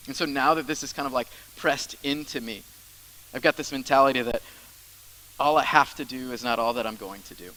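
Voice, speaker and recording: Bright-voiced male pastor preaching. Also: medium pitch, a little fast, poor audio. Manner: conversational preaching with many asides and repetitions. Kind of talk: sermon.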